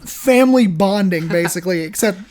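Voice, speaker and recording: A young adult man with a high voice co-hosts a podcast, telling a story fairly quickly. He's animated and casual, with lots of fillers and restarts.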